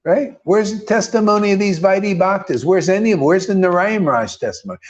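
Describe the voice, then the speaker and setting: A man preaching to a small group in a loose, emphatic way, often calling his listeners "man" and throwing in blunt, mocking swears. His voice sits a little high for a man. The recording sounds dull and lo-fi. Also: expressive, fairly quick, few pauses. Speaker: spiritual teacher.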